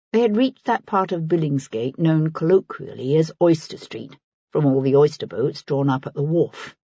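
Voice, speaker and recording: A woman narrates an audiobook in a low, husky voice. Her reading moves lively through the lines. The recording is dry and slightly dull. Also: moderate pace, no echo. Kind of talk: scripted narration.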